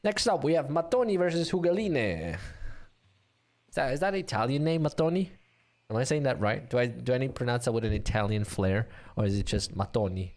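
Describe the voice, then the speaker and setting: A man commentating an online game league, chatty and bantering with viewers, with a voice getting a bit rough. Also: medium pitch, a little fast. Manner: chatty, animated, laughs and banters with chat.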